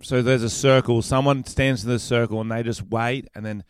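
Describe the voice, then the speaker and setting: A man chats casually on a podcast and laughs his way through animated stories. His voice sits in a middle range. The recording is dry and close. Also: mid-range voice, fairly quick, smooth, dry recording. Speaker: podcast co-host. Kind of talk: casual comedic chat. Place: studio.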